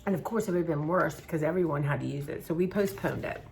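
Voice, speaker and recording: A woman from southern Maryland talks in a loose, rambling way to her viewers while she paints. Her voice sits low for a woman, with a gravelly, creaky edge. A faint hiss of noise runs under the recording. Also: fast talker, a little mellow. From southern Maryland, USA. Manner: rambling, chatty, trails off mid-sentence. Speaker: YouTuber. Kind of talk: casual chat while painting.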